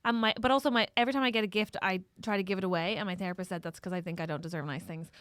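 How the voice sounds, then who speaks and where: A woman co-hosting a comedy podcast, chatting in an excitable, gushing way. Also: medium pitch, racing, no echo. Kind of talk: casual chat.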